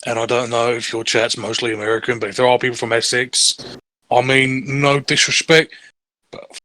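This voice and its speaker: A man's voice: medium pitch, flat delivery, normal speed, sharp tone, no echo. English man, tabletop player on break, rambling joker, mid-range voice. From England. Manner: joking, rambling and laughing at his own lines. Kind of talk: casual chat during a streamed game break.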